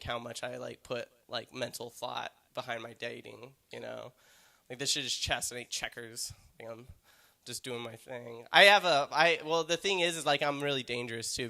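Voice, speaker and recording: A man's voice: medium pitch, vocal fry, sharp tone. A man doing a stand-up comedy set, rambling and self-deprecating, with lots of filler words.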